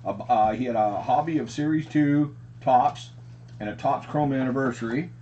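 A man hosting a card collecting unboxing, talking casually and getting excited over the cards. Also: mid-range voice, normal speed, dull audio, a little hiss or hum. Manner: excited, says "frickin' sick". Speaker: card collecting channel host.

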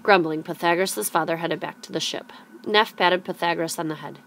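A woman reading a children's storybook aloud in a clear, measured way. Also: fairly low pitch, steady tone, fairly bright tone. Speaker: storybook reader.

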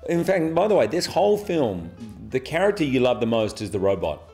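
A man in his forties with an Australian accent answers press interview questions easily, chuckling between thoughts. His voice sits in an ordinary middle pitch. Faint music runs underneath. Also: brisk. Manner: relaxed, good-humoured, chuckling. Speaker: actor guest.

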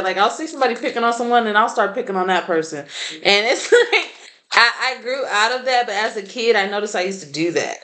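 A woman's voice: medium pitch, sing-song, brisk, sharp tone, low-quality recording. A woman doing a casual tarot reading, blunt and profane, laughing often. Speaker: tarot reader.

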